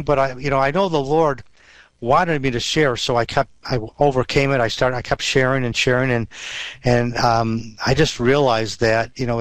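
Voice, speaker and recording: A man's voice: medium pitch, no echo. A man telling a personal faith story in a rambling way, with many restarts and fillers. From Western New York. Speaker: guest sharing testimony. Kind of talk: storytelling testimony.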